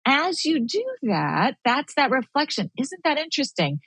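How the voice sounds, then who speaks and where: A woman guest in a casual faith-based conversation, animated and acting out her own inner thoughts. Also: high-pitched, normal speed, no echo. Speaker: podcast guest.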